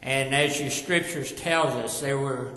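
Slow emphatic male preacher, echoey hall. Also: medium pitch, steady tone, slight background noise. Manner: emphatic, repeats phrases, drops quiet at line ends. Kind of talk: sermon.

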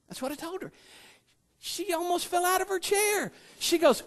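A man preaching a sermon, telling personal stories in an animated way and acting out the voices he quotes. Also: extremely high pitch, normal speed, big-room sound. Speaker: lay preacher and schoolteacher.

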